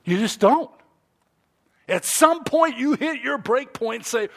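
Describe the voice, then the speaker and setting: A man delivers a sermon in a high voice that leaps around in pitch. He speaks at an unhurried pace, breaking into playful acted-out bits to drive his points home. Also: vocal fry. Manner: animated, playful storytelling with acted-out quotes. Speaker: preacher.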